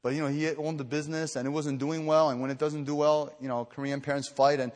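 A man from the Chicago area preaching an evening retreat sermon, earnest and emphatic, telling personal stories with many fillers and restarts, and growing louder and higher when stirred. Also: flat delivery, quick pace. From Chicago area, USA. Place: retreat meeting hall. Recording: echoey hall reverb.

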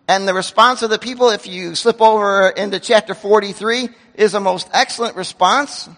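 A man delivers a sermon from the pulpit, his voice pitched very high with a sharp, bright edge. He is animated, acting out dialogue and dropping from loud bursts to hushed asides. The sound rings out with a long reverb from a large hall. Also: moderate pace, hardly any pauses. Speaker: pastor. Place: church sanctuary.

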